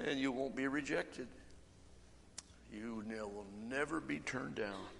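A man preaching a sermon, swinging from shouting to hushed, near-whispered urging. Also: mid-range voice, slow, vocal fry. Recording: reverberant hall, faint room noise.

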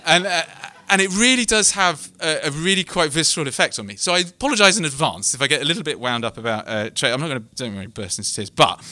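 A man's voice: fairly high pitch, sing-song, quick pace, hardly any pauses, sharp tone, no echo. A middle-aged man from England giving a live book talk, speaking earnestly and candidly, with self-deprecating asides, and reading passages aloud to an audience.

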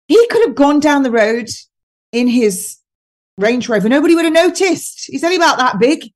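A woman's voice: sits high, big pitch swings, moderate pace. A woman talking on a podcast as a guest, chatty and mocking, laughing often as she tells stories. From United Kingdom. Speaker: guest nutritionist. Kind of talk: casual podcast chat.

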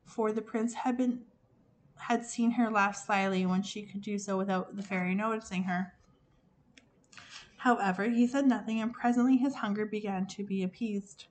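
A woman podcast host reading a fairy tale aloud in an even, measured way, with small slips she corrects as she goes. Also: mid-range voice.

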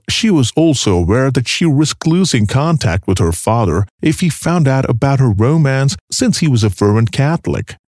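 A man narrating a dark true story in an expressive, dramatic reading. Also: medium pitch, dry recording, studio quality.

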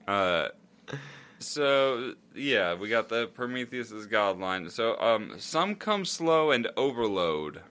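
A man's voice: lowish voice, very animated, takes it slowly, fairly bright tone, clear, resonant tone. A man co-hosting a podcast, joking crudely and half-singing lyrics as he picks them apart. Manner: jokey, crude, sings lyrics aloud. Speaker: podcast co-host. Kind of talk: casual comedic chat.

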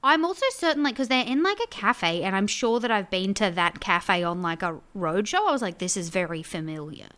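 A young woman co-hosting a casual chat, telling stories in an animated way and slipping into voices when she quotes people. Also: medium pitch, a little fast, few pauses, clean tone. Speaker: podcast co-host. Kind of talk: casual chat recapping a reality show.

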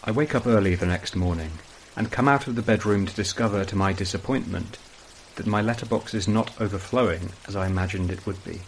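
A man reading a first-person horror story as scripted narration, in a measured, brooding way. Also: on the low side, slight background noise, rough recording.

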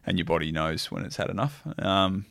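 Deep-voiced man, dry sound. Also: a little fast, gravelly, no room sound. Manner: relaxed, explanatory. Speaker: podcast guest, triathlete. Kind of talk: casual chat.

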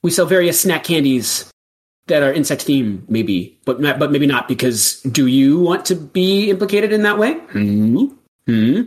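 An improviser pitching a silly made-up musical, with jokey asides delivered deadpan. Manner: animated, deadpan asides, quick jokes.

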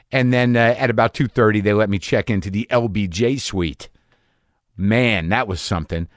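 A man's voice: on the low side, dry recording, studio quality. A man hosting a podcast, delivering a rambling, self-deprecating and profane comic monologue. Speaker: podcast host.

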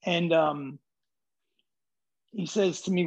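A man's voice: on the high side, takes it slowly, vocal fry, pauses often, breathy edge, muffled recording. A man with a New York accent, a film director telling stories from a shoot in a swaggering, profane, rambling way. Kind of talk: casual storytelling.

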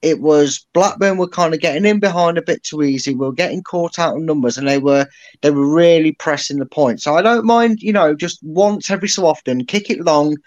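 A man co-hosting a football podcast, joking and giving animated opinions. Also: fairly high pitch, brisk, dull audio. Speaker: podcast co-host. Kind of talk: casual football chat.

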